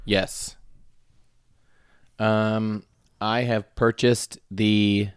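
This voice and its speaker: A man with a fairly low voice, recorded dry and close, chatting on a gear podcast. He talks in a playful, animated way about his gear. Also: drawn-out words, clear, resonant tone, no echo. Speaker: podcast co-host. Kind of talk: casual chat.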